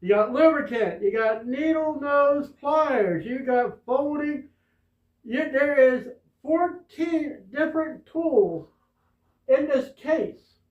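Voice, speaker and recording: A man shows his gear in a folksy, rambling way, his voice very high for a man and his pace unhurried. He sits back from the mic, so the sound comes off dull and echoey. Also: darkish tone, far from the mic. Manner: rambling, folksy, many fillers and restarts. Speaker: tool reviewer. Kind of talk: casual product demo vlog.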